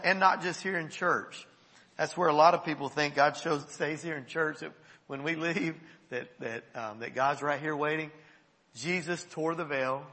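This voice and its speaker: A man's voice: fairly high pitch, bright, forceful tone. Older man preaching in a reverberant church. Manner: conversational, candid, with laughs and asides. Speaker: pastor. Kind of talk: sermon. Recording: long reverb of a church hall.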